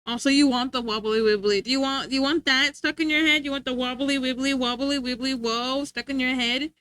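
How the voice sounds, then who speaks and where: A woman's voice: high-pitched, fairly even intonation, a little fast, fairly bright tone, smooth, no room sound. A woman streaming live and chatting casually with her chat, playful and teasing, laughing often.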